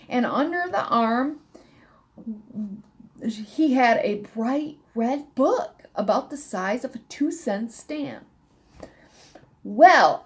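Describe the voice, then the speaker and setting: A woman reading a children's picture book aloud in a high, sing-song voice that climbs and dips all through each sentence. She takes her time over every phrase and sometimes stumbles and goes back over a word. It sounds like a bedtime read-aloud. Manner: slow, careful, stumbles and rereads words. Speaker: storybook reader.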